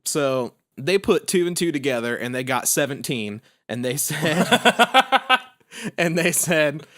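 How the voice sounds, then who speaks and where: A man's voice: a little high, animated, measured pace, a bit bright. A young man hosting a podcast in casual chat, rambling through his points with lots of fillers and swear words. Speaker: podcast host.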